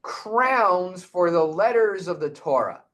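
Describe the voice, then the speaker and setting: Retold-tale voice: man doing an easygoing, patient God, slow and lilting. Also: high voice, lively intonation, fairly bright tone, heavily acted. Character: calm, unhurried God, male.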